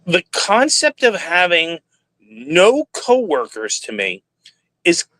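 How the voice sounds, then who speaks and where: A man's voice: high voice, huge pitch swings, takes it slowly, bright, forceful tone, no room sound. A man hosting a livestream, talking candidly and rambling, sometimes asking and answering his own questions. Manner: rambling, candid, talks to himself aloud. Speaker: livestream host. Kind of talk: casual livestream monologue.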